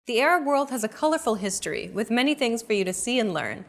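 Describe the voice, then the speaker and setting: A young adult woman hosting a language lesson in an upbeat, clear teacherly delivery. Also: fairly high pitch, big pitch swings, fast talker. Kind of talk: scripted lesson narration.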